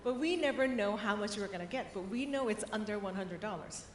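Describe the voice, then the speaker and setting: A woman giving a conference keynote, chatty and animated, acting out the people in her stories. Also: mid-range voice, brisk, a little hiss or hum. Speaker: keynote speaker. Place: large conference hall. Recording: roomy hall reverb.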